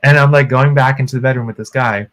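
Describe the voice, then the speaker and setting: A man's voice: medium pitch, steady tone, fast, a bit bright. A man co-hosting a podcast, telling a story animatedly and acting out the quotes in a raised voice. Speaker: podcast co-host. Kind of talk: casual storytelling chat.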